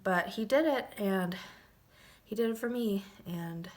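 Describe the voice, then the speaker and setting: Speaking unhurriedly at a medium pitch, a young woman in her twenties addresses the camera in her personal vlog. She's chatty and warm, laughs often, and gets slightly emotional.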